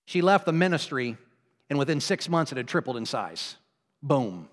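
Male pastor, sermon delivery, loud peaks and quiet asides, reverberant church hall. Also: sing-song, moderate pace. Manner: swings from loud exclamations to low, quiet asides; laughs between points, conversational. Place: church sanctuary.

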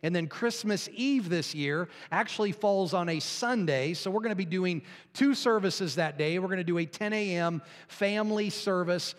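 A man's voice: sits high, moderate pace, few pauses. A male pastor giving a sermon with announcements, joking lightly with his congregation. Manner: jokey, chuckles at own joke. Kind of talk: sermon with opening joke. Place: church sanctuary. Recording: long reverb of a large hall.

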